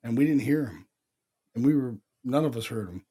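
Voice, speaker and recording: A man's voice: mid-range voice, lively intonation, normal speed, dark tone, breathy edge. A man co-hosting a paranormal podcast, telling stories in a loose, casual way with plenty of slang and swearing. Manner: loose storytelling, swears, says dude a lot. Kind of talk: casual chat.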